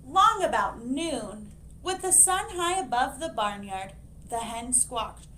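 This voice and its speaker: A woman librarian reading a picture book aloud to children, expressive and animated, pointing out the pictures. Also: fairly high pitch, slow, a little hiss or hum.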